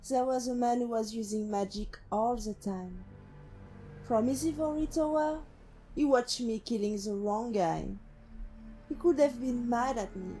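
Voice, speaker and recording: Brief: actress as a haunted female synth ex-killer, mellow and slightly high, slow and brooding, soft music behind. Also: natural voice. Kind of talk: game companion monologue. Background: faint music.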